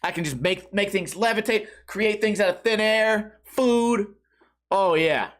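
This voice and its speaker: A man hosting a comedy podcast, telling casual stories in an animated, rambling way, acting out his own reactions and swearing freely. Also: high voice, a little slow. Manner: swears freely, says "dude" and "bro". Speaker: podcast host.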